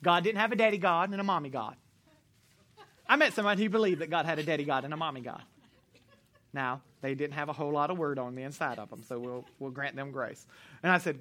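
A pastor preaching to a congregation in church, animated and joking, sometimes shouting. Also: male voice, a little high, fast talker. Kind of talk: sermon.

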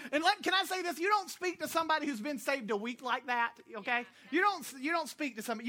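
A woman from Florida preaching a sermon, blunt and animated with scolding asides. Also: a little high. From Florida, United States. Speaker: pastor.

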